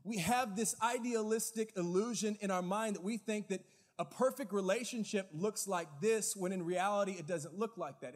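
A man preaching a sermon as pastor, with animated, lively storytelling in quick bursts. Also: high voice, big-room sound. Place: church hall.

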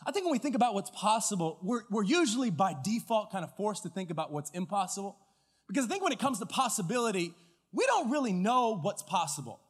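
A male pastor preaching a sermon, telling a story with acted-out dialogue and lively delivery. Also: high voice, fast, husky, in a large hall. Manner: animated storyteller, acts out dialogue and shouts at climaxes. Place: church auditorium. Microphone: stage mic with floor monitor.

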